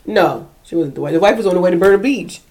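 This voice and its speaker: A woman co-hosting a podcast, telling a story in casual chat, animated and emotional, sometimes breaking into yelling. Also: fairly low pitch, fast talker, a crowd in the background. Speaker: podcast co-host.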